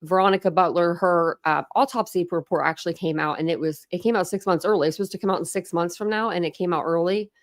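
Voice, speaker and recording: A woman's voice: on the low side, fast, hardly any pauses, dry recording, studio quality. A woman hosting a casual true crime livestream, chatting, greeting viewers and laughing often from her home. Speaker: true crime channel host.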